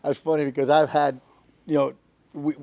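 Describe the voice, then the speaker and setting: Gravelly, mellow-voiced male host. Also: on the high side, little pitch movement, moderate pace, dry recording. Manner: loose, profane, conversational. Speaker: podcast host. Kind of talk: casual interview chat.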